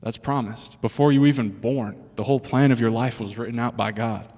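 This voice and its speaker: A young man preaching a sermon to a room, animated and chatty, with laughing asides and questions for the audience. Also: mid-range voice, fairly quick. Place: church hall with an audience. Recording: long hall reverb.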